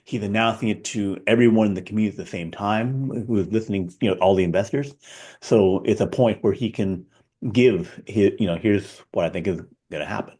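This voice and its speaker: A man co-hosts a relaxed tech conversation, his very low voice carrying a husky edge. He thinks out loud, stalling on fillers and restarting his sentences as he works through ideas. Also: a little fast. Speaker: podcast co-host. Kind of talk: casual tech discussion. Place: San Francisco area.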